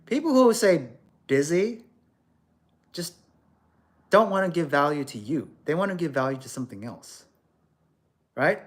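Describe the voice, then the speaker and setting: A man's voice: fairly high pitch, expressive, a little slow, long pauses. Man lecturing on a casual livestream. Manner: opinionated, lecturing, rhetorical questions; acts out quoted voices.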